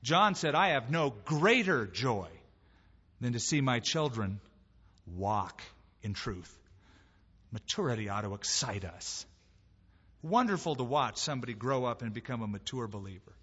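A man preaching a sermon as pastor, in a lively, conversational way with emphatic rises and quoted voices. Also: mid-range voice, a little slow, long pauses, breathy edge, big-room sound, dull audio. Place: church sanctuary.

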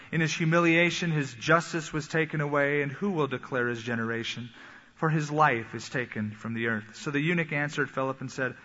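A man preaching a sermon, animated and acting out the voices he quotes. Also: medium pitch. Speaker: pastor. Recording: echoey hall, dull sound.

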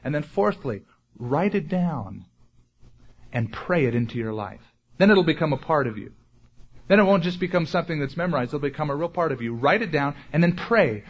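A male pastor preaching with a fairly high, husky voice and earnest emphasis. He draws out key words slowly and pushes up in pitch and force when asking questions. The recording sounds dull and lo-fi. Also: animated. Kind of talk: sermon.

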